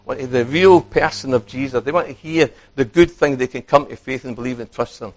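Animated man preaching a sermon. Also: medium pitch, brisk. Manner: animated, acts out quoted speech, asks the congregation questions.

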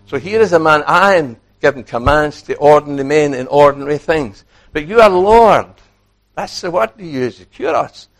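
Male preacher, slightly higher voice, animated delivery, asks the congregation questions. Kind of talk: sermon.

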